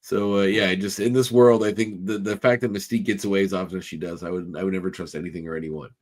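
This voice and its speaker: A man with a fairly low voice co-hosts a podcast in loose casual chat. He rambles, restarts and leans heavily on filler words as he talks. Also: fairly even intonation, quick pace, a little mellow. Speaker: podcast co-host.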